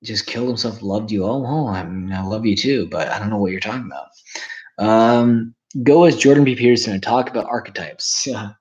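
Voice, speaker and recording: A man's voice: on the low side, brisk, darkish tone, highs cut off. Rambling, profane man. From Canada. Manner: rambling, profane, reacts to chat messages. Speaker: streamer. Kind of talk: casual livestream chat.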